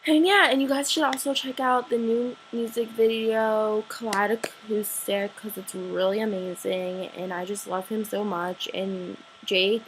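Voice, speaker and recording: A teenage girl telling an excited story to her camera, gushing and breathless, full of "like" fillers. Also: mid-range voice, a little hiss or hum, low-quality recording. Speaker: vlogger.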